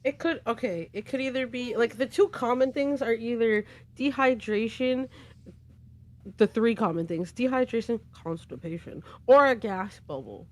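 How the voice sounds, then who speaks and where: A woman's voice: a little high, normal speed. Easygoing woman co-hosting a livestream. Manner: easygoing and chatty, laughing often. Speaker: livestream co-host. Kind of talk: casual livestream chat.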